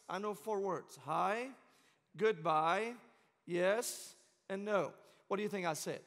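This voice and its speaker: A middle-aged man with a Syrian accent and a high-pitched, slightly bright voice preaches as a guest in a large church sanctuary. He speaks slowly, passionately and with humor, telling jokes and stories, and the recording has long church reverb.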